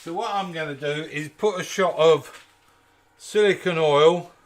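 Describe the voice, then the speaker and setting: A man's voice: on the high side, a little slow. A man from East London with a Kent accent, hosting a woodturning video, chatting casually and joking while answering viewer comments as he works. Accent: Kent English. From East London, England. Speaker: woodturning channel host. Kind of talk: casual live demo chat.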